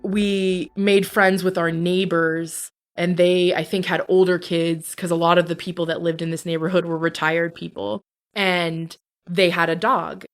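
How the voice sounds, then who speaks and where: Blunt, lower-voiced woman telling her story. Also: little pitch movement, unhurried, soft background music. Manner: blunt, profane, candid. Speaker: podcast guest. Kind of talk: personal storytelling.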